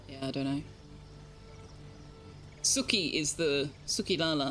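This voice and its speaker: A woman's voice: sits low, animated, unhurried, long pauses, soft background music. An Australian woman streaming a game, chatting casually with her viewers and enunciating carefully. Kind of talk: casual gaming stream chat.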